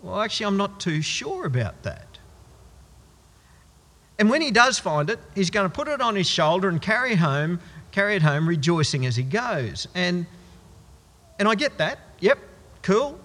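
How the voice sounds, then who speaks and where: A wry man preaching in a casual, joking way, his voice husky and swooping high and low. The sound rings on in a long hall echo. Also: sing-song, moderate pace, fairly bright tone. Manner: conversational, wry, exaggerated asides. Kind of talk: sermon.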